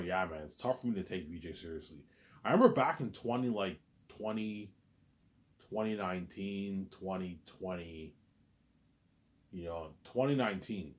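A man delivering a rambling, agitated vlog monologue, stammering and repeating himself. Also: low voice. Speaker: vlogger.

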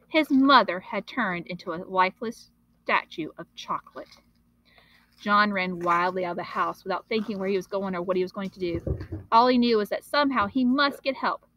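A woman, a teacher, reading a children's novel aloud in an expressive, steady storytelling manner. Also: medium pitch, moderate pace, no echo, dull audio.

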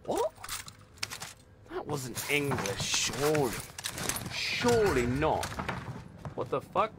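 A young man streaming a game live, bantering with his chat in an excitable, swearing way into a desk microphone. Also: fairly high pitch, slow pace, long pauses. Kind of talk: live gameplay commentary. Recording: noisy stream audio with clicks.

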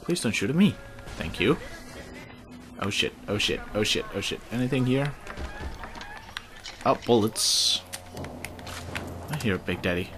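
A man giving casual let's-play commentary, excitable and sarcastic, swearing at the game. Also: lowish voice, a little slow, long pauses, over music. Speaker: gaming video host.

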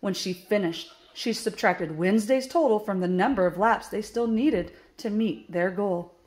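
A woman's voice: mid-range voice, darkish tone. A woman teacher reading a children's picture book aloud and explaining subtraction steps. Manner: slow, clear, explaining steps. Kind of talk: children's book read-aloud with math lesson.

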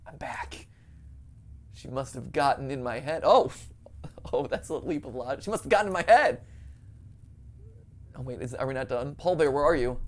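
A woman hosting a let's play, jokey and excitable, laughing often and slipping into silly voices, over light background noise. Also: rumbling low, moderate pace, long pauses. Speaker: host.

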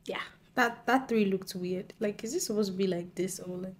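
A young woman from Nigeria chatting excitedly and giggling as she talks straight to her viewers. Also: mid-range voice, moderate pace. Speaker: book vlogger. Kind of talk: casual chat to camera.

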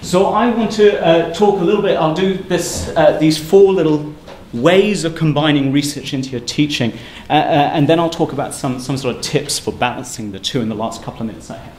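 Brisk male lecturer in an echoey room. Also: fairly high pitch, darkish tone. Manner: brisk, emphatic, conversational lecturing. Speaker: university lecturer giving a seminar. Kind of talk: academic seminar talk. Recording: echoey room with faint ambient noise.

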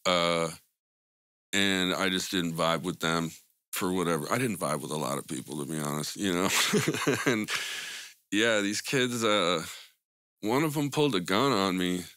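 A man's voice: deep voice, measured pace, pauses often, sharp tone, no echo. A man telling stories in a casual interview, laid-back and full of profanity, laughing between anecdotes. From Albuquerque, New Mexico. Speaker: guest, graffiti artist.

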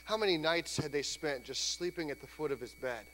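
Pastor preaching in a reverberant church. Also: male voice, a little high, a little fast, fairly bright tone. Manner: conversational preaching, acts out quoted voices. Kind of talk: sermon. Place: church sanctuary. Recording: church hall reverb, faint hum.

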